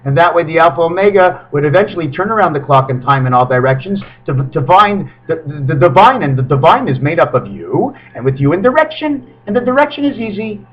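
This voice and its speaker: A man talking in a rambling spiritual monologue to his webcam, his pitch swinging suddenly between high and low. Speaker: webcam video maker. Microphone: webcam microphone. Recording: dull lo-fi webcam audio.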